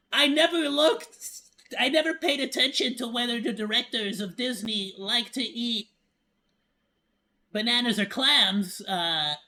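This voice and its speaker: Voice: mid-range voice, slow, long pauses. A VTuber streamer giving casual reaction commentary, playful and laughing, rambling with frequent stammers and restarts. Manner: playful, animated.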